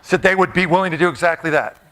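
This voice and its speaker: A man's voice: high voice, racing, a bit bright. A man giving a playful, jokey motivational talk, quizzing a live audience in a large room. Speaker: motivational speaker.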